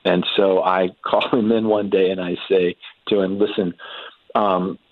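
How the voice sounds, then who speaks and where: A man telling a long family story as a guest in a conversation, talking haltingly with many restarts and fillers. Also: deep voice, level tone, no echo. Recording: tinny phone-like sound.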